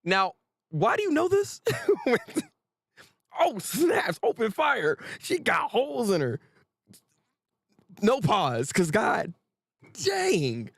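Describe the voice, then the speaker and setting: A lively young man reacting live and swinging his pitch all over the place. His slightly high voice has a gravelly edge. He jokes and laughs as he goes, and the sound is dry and close-miked. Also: takes it slowly, long pauses, no echo. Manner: animated, joking, frequent laughter and restarts. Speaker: manga reaction host.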